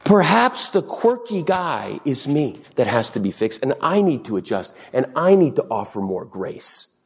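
Middle-aged male pastor, lively sermon voice, husky, echoing hall. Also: mid-range voice, a little slow. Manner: animated, joking preacher acting out dialogue.

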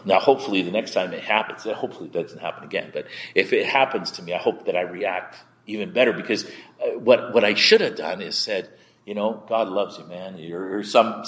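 A male pastor with a somewhat low voice gives a candid, conversational sermon. He halts often, repeating words before finding his thought. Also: fairly bright tone, long reverb tail. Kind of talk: sermon with personal story.

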